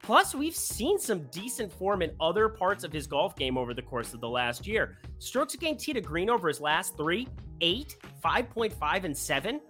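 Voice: medium pitch, big pitch swings, normal speed, fairly bright tone, faint music behind. A sports betting host giving casual golf picks in an upbeat, jokey way, often ending phrases with a rising, question-like lilt.

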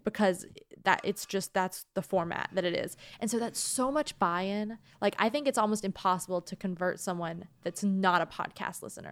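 A woman's voice: on the low side, dry recording. A woman co-hosting a podcast in casual chat, talking loosely with many "like"s and some swearing. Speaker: podcast co-host.

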